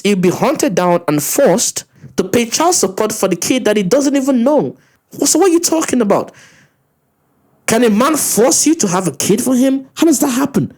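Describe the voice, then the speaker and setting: Ranting, profane male commentator with animated pitch. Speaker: commentary channel host. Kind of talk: reaction commentary.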